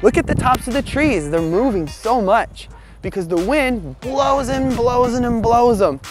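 Over music, a man with a very high voice speaks unhurriedly while hosting a kids' educational show outdoors in a windy field. He's bubbly, goofy and animated, addressing the young viewers directly.

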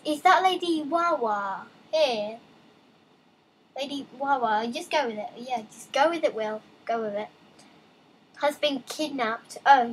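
A young woman casually commenting while playing a game, reading on-screen text aloud with excitable, chatty asides. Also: sits high, slight background noise, rough recording. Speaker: let's play gamer.

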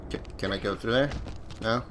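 Playing a video game, a man offers casual commentary, cracking jokes, exclaiming, and yelping when something startles him. He talks at normal speed in a fairly low voice against a noisy background.

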